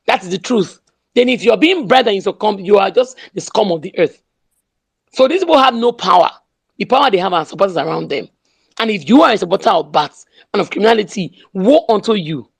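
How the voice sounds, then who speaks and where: A woman's voice: medium pitch, lively intonation, fast talker, vocal fry, husky. A woman with a Nigerian accent giving an impassioned political speech, emphatic and repeating her slogans. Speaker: speaker in an online audio room.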